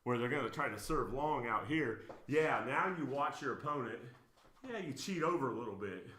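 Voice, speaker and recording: A man's voice: medium pitch, expressive, normal speed, sharp tone. Blunt man coaching in a roomy space. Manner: blunt and emphatic, gets worked up. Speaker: table tennis coach giving critique. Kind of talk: coaching commentary on match videos. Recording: roomy echo.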